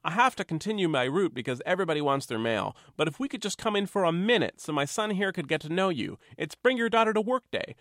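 A man voicing a pushy, gushing middle-aged postman who talks with loud insistent emphasis. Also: high-pitched, big pitch swings, fast, hardly any pauses, no room sound, clean studio sound, voice pushed up. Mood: pleading. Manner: insistent, emphatic, rising to near shouting.

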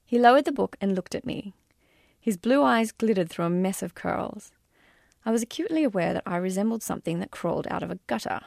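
A woman's voice: medium pitch, expressive, fairly quick, creaky, a little mellow, no echo, studio quality. A woman reading aloud from her own memoir in a wry, self-deprecating way. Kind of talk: audiobook-style memoir reading.

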